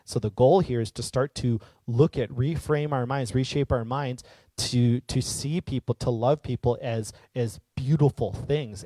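A man's voice: medium pitch, mellow, no room sound. A man giving an earnest, casual reflective monologue, rambling a little with fillers and restarts.

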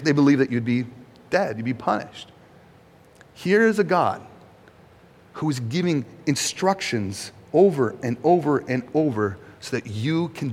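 A man preaching a sermon as a pastor. He talks in a conversational way, asks the audience questions, and acts out quotes. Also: mid-range voice. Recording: long hall reverb.

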